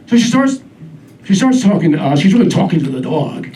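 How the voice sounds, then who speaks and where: A man doing a stand-up comedy set on a club stage, wry with deadpan asides. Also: high voice, fast talker, slight background noise. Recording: distant mic, live crowd laughter.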